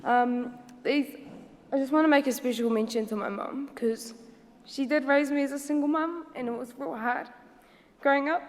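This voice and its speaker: A woman's voice: sits high, normal speed, big-room sound. A woman with a New Zealand accent giving a personal presentation at a symposium, speaking casually and hesitantly with many ums and Māori words mixed in.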